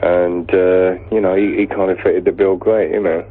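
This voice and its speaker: A man's voice: low-pitched, flat delivery, normal speed, slightly rough. An English man telling rambling, chatty stories with frequent laughter as a guest on a phone interview. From England. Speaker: guest musician. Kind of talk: casual phone interview storytelling. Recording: tinny phone line.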